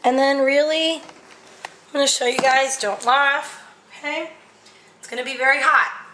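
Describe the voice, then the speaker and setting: A woman's voice: sits high, fairly even intonation, unhurried, pushed and bright, a little hiss or hum, low-quality recording. A woman chatting casually as she talks viewers through a demonstration, step by step. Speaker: vlogger.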